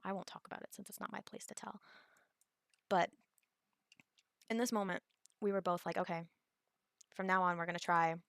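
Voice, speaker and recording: Young woman, casual storytime vlog, rambling, fry in the voice, low-ish. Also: bright, forceful tone, no room sound, studio quality. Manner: rambling, many fillers and restarts. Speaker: vlogger.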